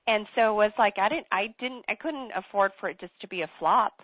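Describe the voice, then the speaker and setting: A woman's voice: mid-range voice, fairly quick, no echo. A woman guest, a business coach, tells her story in an interview in an earnest, emphatic way and repeats key phrases. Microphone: telephone. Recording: tinny phone line, dry.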